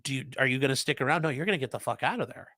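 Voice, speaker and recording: A man's voice: mid-range voice, very fast, bright, forceful tone, dry recording, studio quality. A man hosting a live stream who reads viewer comments aloud and answers them in a blunt, profane, conversational way.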